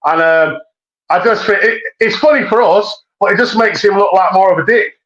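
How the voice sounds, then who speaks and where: A man's voice: high voice, moderate pace, a bit bright. A man co-hosting a casual boxing podcast, blunt, sweary and full of slang. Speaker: podcast co-host. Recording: dull lo-fi mic.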